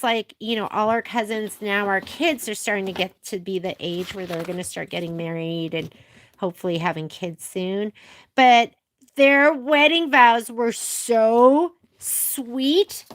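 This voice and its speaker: Filmed by a camera mounted on a filming arm, a middle-aged sewing shop host leads a tutorial vlog in a voice on the high side. She rambles through gushing stories full of fillers, and a little hiss or hum sits under the audio.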